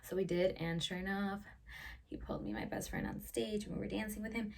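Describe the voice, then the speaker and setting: A woman's voice: mid-range voice, fairly even intonation, fairly quick, gravelly, a little mellow. A young woman in her twenties chatting casually to camera in a Q&A, telling stories and saying "like" constantly, with frequent swearing. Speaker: vlogger. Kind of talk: casual Q&A storytelling. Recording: voice a little distant from the mic, faint ambient noise.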